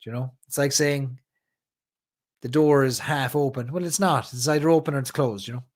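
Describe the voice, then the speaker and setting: A man's voice: mid-range voice, a little fast. An Irish man with a Cork accent, hosting a whiskey club live stream and chatting casually with viewers, rambling a little and tired late at night. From Ireland. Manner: rambling, chatty, reads viewer comments aloud.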